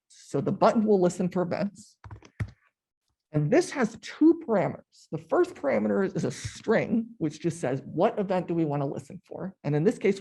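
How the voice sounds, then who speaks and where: A man's voice: a little high, darkish tone, slightly rough. A young man running a coding workshop, explaining step by step in a casual, chatty way. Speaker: workshop instructor. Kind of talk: live coding tutorial.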